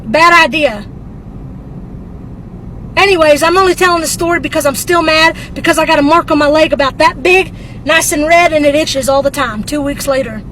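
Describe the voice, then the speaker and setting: Bright high-voiced woman. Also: moderate pace, a little hiss or hum, poor audio. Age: 20s. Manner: animated, folksy exaggeration. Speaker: storyteller. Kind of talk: casual comic storytime.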